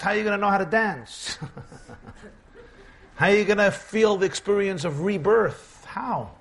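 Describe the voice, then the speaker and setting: A man giving a humorous sermon to an audience, telling lively stories, acting out quotes and dropping in Yiddish words. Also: sits high, moderate pace. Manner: animated storytelling with Yiddish words and acted-out quotes.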